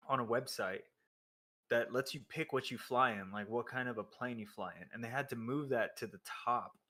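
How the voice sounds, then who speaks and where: A man's voice: on the low side, bright, forceful tone. A man co-hosting a podcast, talking casually and loosely, with lots of "like" fillers as he recounts what he has seen. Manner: loose, filler-heavy storytelling with "like". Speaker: podcast co-host.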